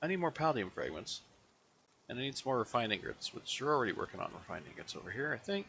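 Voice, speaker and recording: Lively, bright-voiced man playing a game. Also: mid-range voice, quick pace, vocal fry, slight background noise. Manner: talks to game creatures, swears and laughs often. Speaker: gaming channel host. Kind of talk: let's play commentary.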